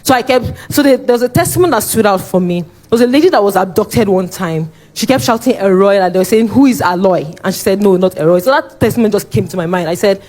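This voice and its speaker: Animated young Nigerian woman testifying. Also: medium pitch, quick pace, hardly any pauses. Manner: animated, re-enacts her own shouting and pleading. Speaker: church member giving testimony. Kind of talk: spoken church testimony.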